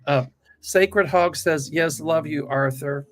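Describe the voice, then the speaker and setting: A man's voice: fairly high pitch, takes it slowly. A man with a Southern US accent co-hosting a live stream and reading out viewer comments in a chatty way. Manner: chatty, reads comments aloud. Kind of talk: casual live-stream chat.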